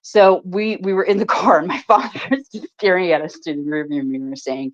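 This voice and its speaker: Animated swearing woman storyteller, lo-fi sound. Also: low voice, fast talker, few pauses. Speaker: live stream host. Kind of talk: casual storytelling chat. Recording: dull lo-fi stream audio.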